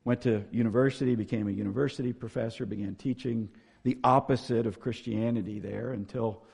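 A man delivers a sermon in a gravelly voice with a husky edge. He speaks earnestly, swelling with force as he reads scripture aloud and settling lower as he reflects. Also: steady tone, fairly quick, a little mellow, in a large hall. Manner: earnest, rising to emphatic when reading scripture. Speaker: pastor.

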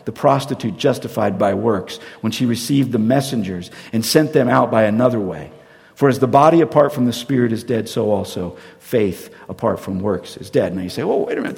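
A man preaching a sermon as pastor, telling a story that swings from loud emphasis down to near-whispers. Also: mid-range voice, moderate pace, vocal fry. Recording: long hall reverb.

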